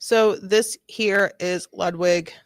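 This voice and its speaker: A woman's voice: fairly low pitch, steady tone, slow, no echo. A woman in her thirties chatting casually as a commentary host, rambling with lots of fillers and frequent laughter.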